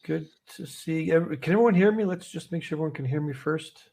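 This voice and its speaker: A Canadian man hosts a live trading show from an office, chatting and rambling with plenty of fillers and easy laughs. His voice is fairly high, fast, creaky, a little mellow and husky.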